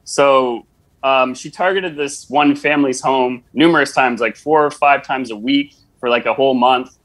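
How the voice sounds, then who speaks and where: A man's voice: medium pitch, normal speed, a bit bright. A man with a Canadian accent, a podcast guest telling stories in a laid-back, sarcastic way. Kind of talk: casual storytelling.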